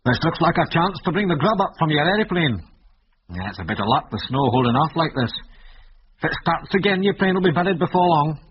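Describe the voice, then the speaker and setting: A man voicing a gruff old male prospector with a Scottish accent, drawling slowly in a reading for radio. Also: fairly high pitch, sing-song, voice pushed up. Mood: gruff homely. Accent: Scottish (put on). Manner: slow, drawling, folksy. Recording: dull lo-fi radio recording with faint hiss.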